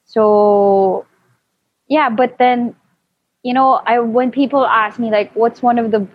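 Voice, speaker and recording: A young woman telling a personal story in casual chat, full of fillers and animated quoting. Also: on the high side, takes it slowly, no echo. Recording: dull lo-fi, dry.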